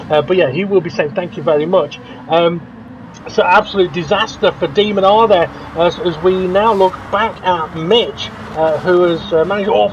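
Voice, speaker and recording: An excitable man calls a sim race, his voice sitting fairly high and leaping up whenever a car spins. The audio is dull and lo-fi with a clear layer of noise behind him. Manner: excitable, laughs often, rises sharply at incidents. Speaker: race commentator. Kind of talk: sim racing commentary.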